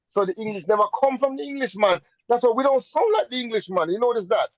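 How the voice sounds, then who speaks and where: Emphatic Jamaican man with a high voice, a talk-show guest who repeats phrases to drive home his point. His sound is dull and dry, as if coming over a remote call. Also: very animated, fast talker, darkish tone, no room sound. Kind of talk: conversational storytelling on a talk show.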